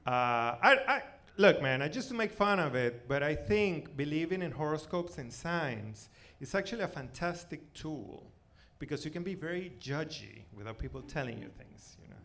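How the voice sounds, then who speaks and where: A man in his forties from Venezuela with a Spanish accent, performing a self-mocking stand-up set on a theater stage, loud one moment and muttering the next. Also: a little high, moderate pace, hardly any pauses. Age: 40s. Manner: animated, self-mocking, swings between loud outbursts and mutters. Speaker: stand-up comedian.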